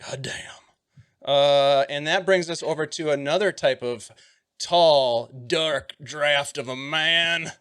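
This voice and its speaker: A man's voice: a little high, takes it slowly, a bit bright, smooth. A man hosting and running a tabletop game stream, joking and effusive as he introduces the players. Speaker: game master and host.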